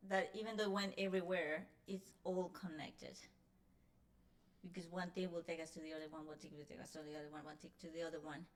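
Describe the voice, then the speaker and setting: A woman hosting a casual conversation, reflective and repeating phrases softly. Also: low-pitched, fairly even intonation, fast. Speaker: host.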